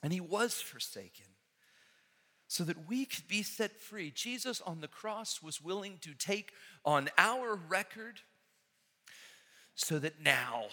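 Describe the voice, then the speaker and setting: A high, bright male voice preaching in a church with slow, deliberate pacing. He swings from near-hushed passages to ringing, impassioned calls. The long reverb of a large hall trails every phrase. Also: slightly rough. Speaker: pastor. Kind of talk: sermon.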